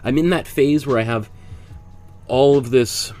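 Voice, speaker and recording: A man with a stuffy, congested voice leads a casual painting lesson. He chats along in a mid-pitched voice and explains each step as he goes. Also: a little slow, a little mellow, faint music behind. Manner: chatty, explains step by step while working. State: congested with a cold. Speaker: art instructor.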